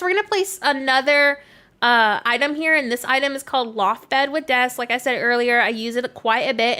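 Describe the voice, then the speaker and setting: Her voice sits on the high side with a sharp edge as this young-sounding Canadian woman streams games and casually answers her chat. Her accent mixes Canadian with Southern American, and "like" pops up constantly.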